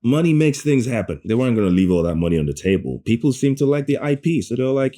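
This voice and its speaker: A man giving a ranting, sarcastic movie review, animated and swearing, often stumbling and restarting mid-sentence. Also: medium pitch, quick pace. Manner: sarcastic, animated rant with profanity.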